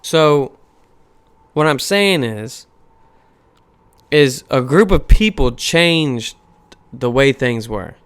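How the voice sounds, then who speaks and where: A man's voice: medium pitch, extremely slow, pauses often, smooth. A man in his thirties ranting on a casual podcast, swearing freely and firing off rhetorical questions. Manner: profane, animated, rhetorical questions. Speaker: podcast host. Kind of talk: casual rant.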